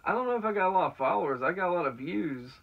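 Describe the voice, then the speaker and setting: Interviewer: twenties, Southern accent, eager and stammering, a bit high-pitched, dull lo-fi sound. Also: male voice, lively intonation, very fast, creaky. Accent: Southern American. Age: 20s. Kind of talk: casual chat.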